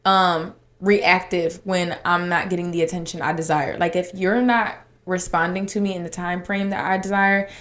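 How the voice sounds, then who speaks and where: A woman's voice: on the low side, steady tone, normal speed, few pauses, a bit bright. A young woman hosting her own podcast, talking casually and candidly with lots of "like" fillers and a lilt. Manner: rambling, frequent "like" fillers, candid and emotional. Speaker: podcast host. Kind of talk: casual solo podcast chat.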